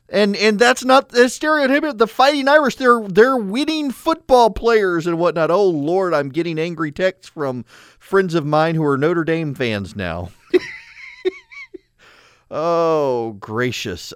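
Sarcastic radio host, lively pitch. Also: male voice, no echo, studio quality. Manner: sarcastic, animated, laughs at his own jokes. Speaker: radio talk show host. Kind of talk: conservative talk radio monologue. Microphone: studio microphone.

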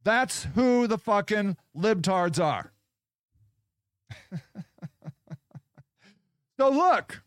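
A man hosting a podcast, delivering a profane, combative political rant that swings between loud jabs and muttered asides. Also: sits high, lively intonation, extremely slow, pauses often, smooth, dry recording, clean studio sound. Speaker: podcast host.

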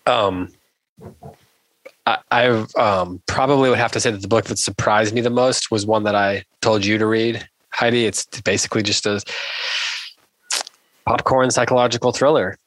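A man's voice: fairly low pitch, moderate pace, long pauses, no room sound. A man hosting a book podcast, talking casually and chattily with frequent restarts. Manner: relaxed, chatty, rambling with restarts. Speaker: podcast host.

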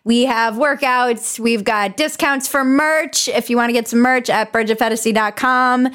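Woman host, irreverent comedy commentary, fairly high voice, sarcastic. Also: fairly even intonation, normal speed, fairly bright tone.

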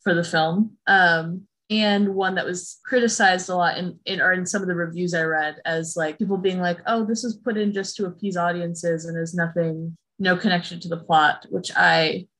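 A woman chatting casually about a film with a co-host. She talks in an animated way, laughs often and slips into quick impressions of the characters. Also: fairly low pitch. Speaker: podcast co-host discussing a film. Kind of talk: casual chat.

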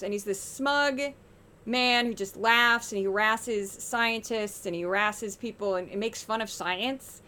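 A woman's voice: on the high side, pushed and bright. A woman hosting a podcast, giving sarcastic, exasperated political media commentary. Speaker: podcast host.

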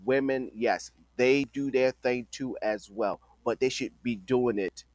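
A man's voice: mid-range voice, a little slow, darkish tone, no echo. Emphatic man talking casually, dry sound. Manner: conversational, emphatic, repeats phrases. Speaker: podcast host. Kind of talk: casual opinion monologue.

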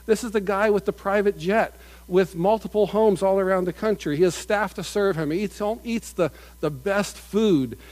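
A man's voice: sits high, normal speed, a little mellow, poor audio. A man preaching a conversational sermon, often repeating and restarting his phrases. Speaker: pastor.

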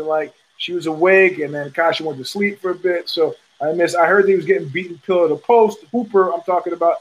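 A man's voice: sits high, dull audio. A middle-aged man hosting a podcast, rambling through casual fight talk with many fillers, restarts and curses. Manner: rambling, halting, with frequent fillers and swearing. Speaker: podcast host. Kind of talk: casual fight commentary monologue.

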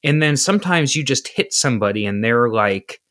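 Co-host, man, loose meandering storyteller, lively rise and fall. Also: mid-range voice, normal speed. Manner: rambling storytelling with fillers, easy agreement. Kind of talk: casual chat.

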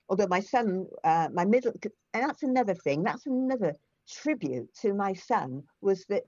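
A woman's voice: mid-range voice, darkish tone, no room sound, dull audio. An older woman, a guest in an interview, telling stories in a chatty way and often restarting her sentences. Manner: chatty storyteller with frequent restarts and fillers. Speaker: interview guest, former foster carer. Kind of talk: conversational interview.

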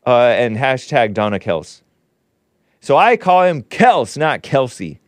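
A man hosts his own talk stream in a slow, unhurried voice that swings widely up and down. He rambles through the news with sardonic, chuckling asides, and the sound is dry and close. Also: medium pitch, very animated, no echo. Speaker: livestream show host. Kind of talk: casual commentary. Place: home studio.

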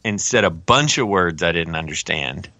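A man's voice: deep voice, expressive, normal speed, bright, forceful tone, no echo. A man co-hosting a podcast, telling stories in a wry, self-deprecating, casual way. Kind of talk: casual chat.

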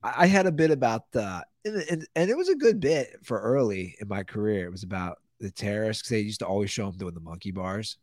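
A man's voice: on the low side, sing-song, quick pace, few pauses, a little mellow, no echo. A male comedian hosting a podcast, telling stories casually with stammering restarts. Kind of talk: casual chat.

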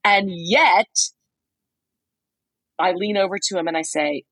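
A woman co-hosting a podcast, telling a lively story in casual chat, acting out quotes with lots of "like"s. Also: fairly low pitch, slow pace, pauses often, breathy edge, no echo, rough recording. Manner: animated storyteller, many "like"s, acts out quotes. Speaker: podcast co-host reporting from a trial. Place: motel room.

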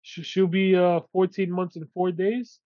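A man's voice: high voice, measured pace, no echo. A man hosting a podcast, chatting casually in slang. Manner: relaxed, warm-hearted, uses street slang like bro and yo. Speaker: podcast host. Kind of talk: casual chat. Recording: slightly muffled lo-fi audio.

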